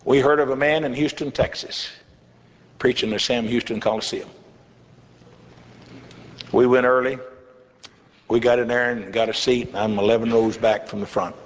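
A man's voice: medium pitch, fairly even intonation, moderate pace, pauses often. An older man, a pastor, telling a folksy testimony in a sermon with chuckling asides. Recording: echoey hall, slightly dull with faint hiss.

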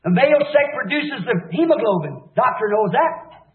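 Brief: fervent man preacher with a very high voice; shouts, then drops to hushed lows; old tinny tape in an echoey hall. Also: very animated, normal speed. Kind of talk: impassioned revival sermon.

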